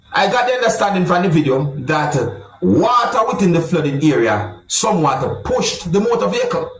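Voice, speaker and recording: A man hosting a vlog, talking his viewers through viral clips and calling them "my people". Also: on the high side. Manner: addresses viewers as "my people", chatty and reflective. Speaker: vlog host. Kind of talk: casual commentary on viral clips. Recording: echoey room with faint noise.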